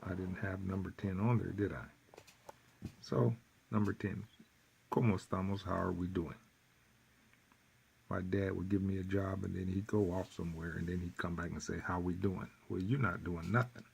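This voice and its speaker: A man teaching a workbook lesson, repeating phrases slowly with folksy asides. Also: deep voice, fairly even intonation, creaky, darkish tone, slight background noise. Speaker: Spanish teacher.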